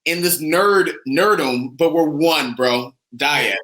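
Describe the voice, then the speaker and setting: A young man from the United States, co-hosting a casual fan chat with eager, animated talk. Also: on the high side, slow pace, reverberant, low-quality recording. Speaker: co-host.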